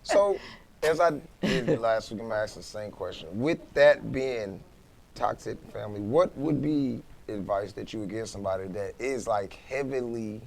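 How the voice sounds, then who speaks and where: A man with a gravelly, creaky voice hosts a casual talk show. He talks in slangy, profane bursts and acts out his stories with lively asides. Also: lowish voice, moderate pace, slight background noise. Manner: slangy, profane, animated storytelling. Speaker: podcast host. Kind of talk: casual chat.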